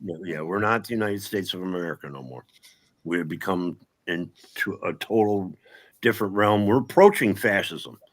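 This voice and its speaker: A man's voice: low-pitched, expressive, moderate pace. A man in casual political chat, blunt and sarcastic, swearing freely.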